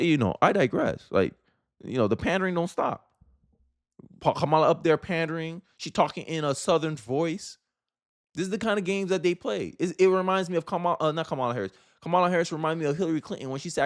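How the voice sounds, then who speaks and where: A man's voice: fairly high pitch, expressive, fast. A man giving emphatic, informal political commentary in a vlog, often throwing rhetorical questions at his viewers.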